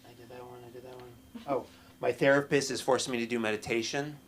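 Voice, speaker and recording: Halting middle-aged man doing stand-up. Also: medium pitch, steady tone. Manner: halting, self-deprecating delivery with restarts. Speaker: stand-up comic at an open mic. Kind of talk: stand-up comedy set. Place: small comedy club with audience.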